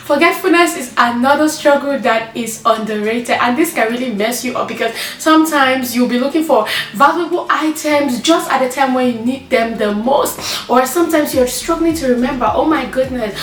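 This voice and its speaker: A chatty woman talking candidly as a new mother, often acting out her own frantic inner thoughts. Her voice sits a little high, and the room around her rings with echo. Soft music plays faintly underneath. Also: normal speed, far from the mic. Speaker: vlogger, first-time mother. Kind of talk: candid personal vlog talk.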